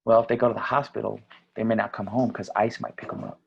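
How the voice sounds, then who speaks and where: A man giving a conference keynote speech, energetic and asking the audience questions. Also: lowish voice, fast, gravelly, breathy edge, lo-fi sound. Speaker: keynote speaker.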